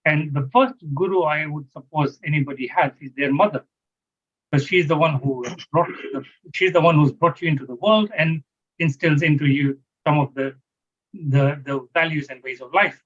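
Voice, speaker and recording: Male moderator, husky and a touch high, muffled lo-fi livestream sound, halting delivery. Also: a bit bright. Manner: hesitant, restarts phrases. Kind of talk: livestream panel discussion.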